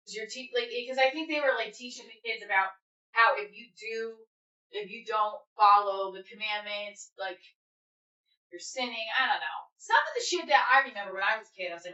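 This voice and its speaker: Candid, bright-voiced woman livestreaming. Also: fairly high pitch, brisk. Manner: candid and rambling, swears freely. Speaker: livestream host. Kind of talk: casual chat with live viewers. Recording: echoey room, slightly dull audio.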